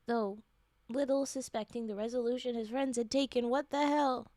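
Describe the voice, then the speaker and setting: Brief: woman streamer, high voice, dry close sound, strained voice, reads a story and jokes with chat. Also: steady tone, normal speed, mellow, dry recording. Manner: reads aloud, breaks off for joking commentary. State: voice straining, short of breath. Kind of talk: livestream story reading with chat asides.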